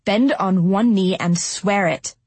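A woman's voice: mid-range voice, slow, a little mellow, slightly rough, no room sound. A woman voicing a mysterious young male fallen angel who talks in a lazy, mocking, commanding way in a storybook reading.

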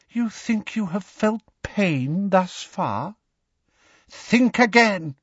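A man voicing a cruel male dark wizard in a high, cold voice empty of kindness, speaking slowly and with menace. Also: no room sound, heavily acted. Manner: slow, menacing, drawn-out. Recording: dull lo-fi recording.

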